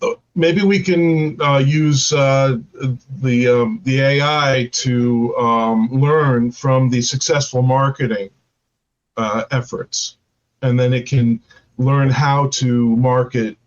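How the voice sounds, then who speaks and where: A man's voice: medium pitch, steady tone, slow, muffled recording. A man speaking as a guest in a casual discussion, hesitant and full of ums and uhs.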